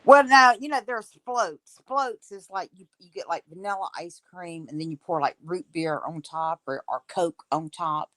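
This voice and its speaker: A woman with a Southern American accent who explains things in a rambling, hesitant way, full of fillers. Her voice sits on the low side for a woman, and it sounds dry and close, with no room echo. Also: moderate pace, few pauses, fairly bright tone. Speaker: co-host. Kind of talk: casual chat.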